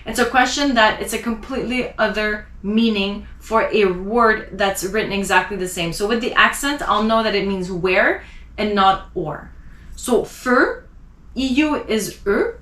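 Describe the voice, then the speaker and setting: A woman teaching a language lesson, slowly drilling pronunciation of example words and explaining each one carefully. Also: mid-range voice, fairly bright tone, reverberant. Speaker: French teacher.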